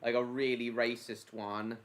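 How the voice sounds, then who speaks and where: A man's voice: mid-range voice, little pitch movement, unhurried. A man hosting a casual live stream, rambling and answering viewers by name mid-sentence, with lots of basically and reckon.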